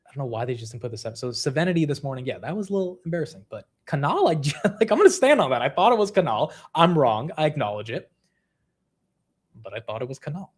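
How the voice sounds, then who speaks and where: A young man hosting a casual livestream, laughing at himself and reacting quickly to the chat. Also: fairly high pitch, husky. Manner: animated, self-mocking, reacting to chat. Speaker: livestream host.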